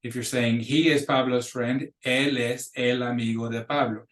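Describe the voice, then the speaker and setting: A man's voice: medium pitch, fairly even intonation, normal speed, fairly bright tone, reverberant. A man teaching a recorded lesson for students, patiently explaining with examples and repeating phrases. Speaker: Spanish teacher.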